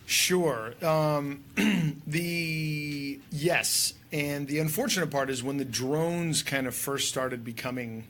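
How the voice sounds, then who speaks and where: A man's voice: fairly high pitch, slow, hardly any pauses, fairly bright tone. Enthusiastic man telling a story. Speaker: guest filmmaker and drone pilot. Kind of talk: casual podcast conversation.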